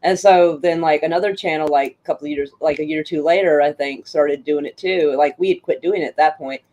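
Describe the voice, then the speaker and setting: A woman's voice: low-pitched, brisk, a little mellow. A middle-aged woman streamer in casual chat, telling stories with frequent laughter and swearing. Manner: chatty storyteller, laughs often, swears.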